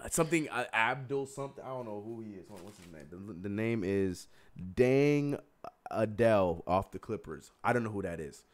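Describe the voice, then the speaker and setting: A man's voice: lowish voice, normal speed. A man hosting a casual live-stream quiz, teasing his co-host and laughing often, with faint music behind. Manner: teasing, laughs a lot, lively. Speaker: show host running a quiz.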